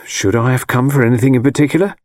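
A man's voice: mid-range voice, fast, darkish tone, no room sound, clean studio sound, pitched above the performer's own voice, natural voice. A male audiobook reader voicing a restless young man who answers in an offhand, slightly defensive way. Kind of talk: audiobook character voice.

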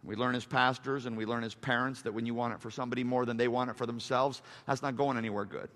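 A man, a pastor, preaching a sermon, swinging between loud fervent surges and soft, confessional stretches. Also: mid-range voice, fairly even intonation, fast talker. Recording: reverberant hall.

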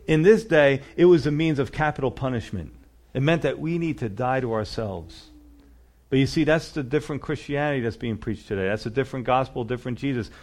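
A man's voice: medium pitch, a little fast, a little mellow. A man preaching a sermon, earnest and emphatic, often adding "you know" and "you see". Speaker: pastor.

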